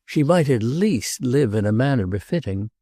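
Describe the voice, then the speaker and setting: A man's voice: medium pitch, animated, moderate pace, warm tone, no echo, studio quality, close to an everyday voice. A man voicing an agitated, jealous nobleman who pleads and repeats himself, in an audiobook.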